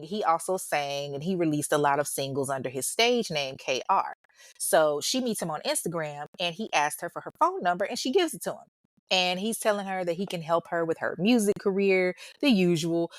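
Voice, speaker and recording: A woman's voice: fairly low pitch, animated, normal speed, no echo, studio quality. A woman hosting a true-crime show, telling the story in casual commentary with blunt, profane asides.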